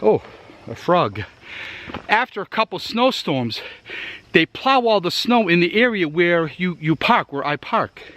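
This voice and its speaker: A man's voice: high-pitched, very animated, measured pace, fairly bright tone. A man with a Massachusetts accent, chatting casually to viewers while out of breath on a woodland hike outdoors. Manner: rambling, chatty, addresses viewers directly. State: out of breath from hiking. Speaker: outdoor gear vlogger. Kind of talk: casual rambling tour while hiking. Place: outdoors in the woods.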